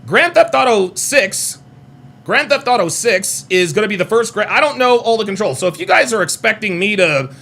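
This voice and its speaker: A man's voice: high-pitched, lively intonation, normal speed, creaky, pushed and bright. A man in his forties chatting casually on a live stream, rambling, repeating himself and reading chat comments aloud. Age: 40s. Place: home near Reno.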